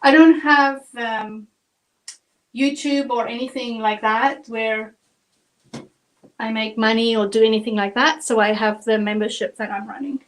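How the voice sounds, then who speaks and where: A woman's voice: a little high, steady tone, unhurried, low-quality recording. A woman from South Africa with a South African accent, chatting through a live acrylic painting tutorial step by step. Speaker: painting instructor.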